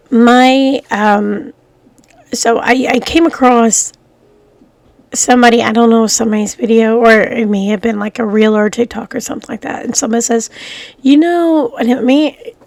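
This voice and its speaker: A middle-aged woman talks to her viewers in a loose, rambling way. She fills her speech with ums and restarts. Her voice sounds groggy from coughing, sits a bit high, and is recorded dry and close. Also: a little mellow, no echo. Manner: rambling, many fillers and restarts. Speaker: vlogger. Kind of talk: casual rambling talk to camera.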